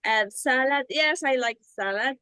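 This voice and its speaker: A young Ecuadorian woman, a native Spanish speaker, answering in halting learner English with many pauses and fillers. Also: high voice, pushed and bright, smooth, no echo, poor audio. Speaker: student.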